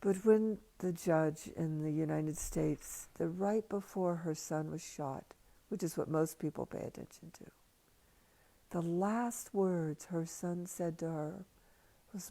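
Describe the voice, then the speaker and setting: An older woman talks slowly and quietly into a livestream mic, her low voice gravelly and dark. She drifts in and out of soft whispers as she reflects. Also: steady tone. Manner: soft and hushed, slipping into whispers. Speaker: spiritual teacher. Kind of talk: slow reflective livestream talk. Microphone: livestream computer mic.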